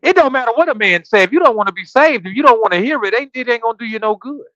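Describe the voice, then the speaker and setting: Racing along in a very high, sharp voice with lively intonation, a man leads a livestreamed Bible study from his streaming setup. He reads scripture, riffs on it in a casual, preachy manner, quizzes his audience, and throws in slangy asides, heard through a muffled recording with no echo.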